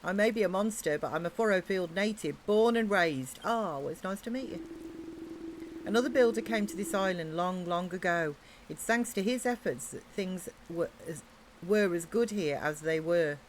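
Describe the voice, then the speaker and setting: A woman's voice: lowish voice, normal speed, slight background noise, lightly acted. English woman reading a friendly orc farmer. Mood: eager. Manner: chatty, encouraging. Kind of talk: reading game dialogue aloud.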